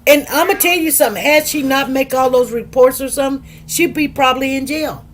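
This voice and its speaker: A woman with a high voice hosts a casual talk show. She talks in an emphatic, animated way and acts out the people she quotes. She sounds middle-aged. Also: brisk, faint music behind. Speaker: show host. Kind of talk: casual chat storytelling.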